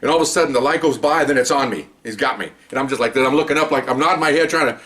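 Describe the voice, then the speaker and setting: A former police officer tells a long story casually, rambling and animated, often checking in with "okay?". His voice sits in the mid-range and he races along.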